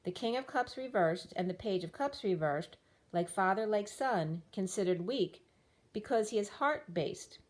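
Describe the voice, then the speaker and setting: A woman's voice: medium pitch, expressive, unhurried. A woman giving a tarot reading, listing card meanings in loose fragments while losing her voice. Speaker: tarot reader.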